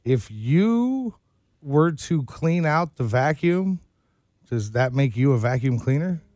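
A man hosting a morning radio show, setting up corny jokes and landing punchlines flat in the studio. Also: a little high, slow pace, dry recording. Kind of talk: joke-telling morning radio banter. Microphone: studio microphone.

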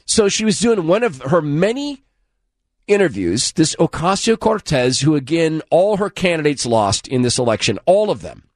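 A man's voice: a little high, big pitch swings, normal speed, no room sound, clean studio sound. A man hosting a talk radio show, delivering a sarcastic monologue with mocking asides.

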